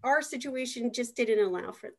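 A woman with a slightly higher voice chats casually as a parenting coach. She talks frankly and with energy, often acting out what parents and kids say. Her voice is plain and natural in an easygoing conversation. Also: moderate pace, creaky. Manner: frank, lively, acts out quotes. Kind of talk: casual podcast chat.

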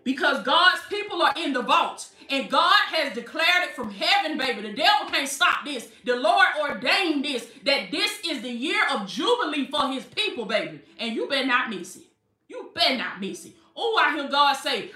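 A woman preacher, delivering an animated sermon, calling listeners baby and laughing often. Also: high-pitched, moderate pace, far from the mic. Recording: echoey, from off the mic, faint music.

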